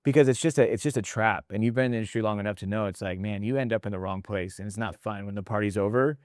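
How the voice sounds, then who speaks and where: A man talking casually in a podcast conversation, telling animated stories, acting out quotes and tagging his points with "right?", with some mild swearing. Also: lowish voice, quick pace, no echo, studio quality. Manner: animated storyteller, acts out quotes, tags lines with "right?". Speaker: restaurant leadership founder and host.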